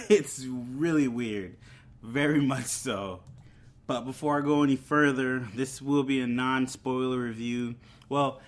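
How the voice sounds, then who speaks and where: Chatty man hosting a movie review. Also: mid-range voice. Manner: chatty, loose, many ums and restarts. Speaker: movie review channel host. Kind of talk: casual video review.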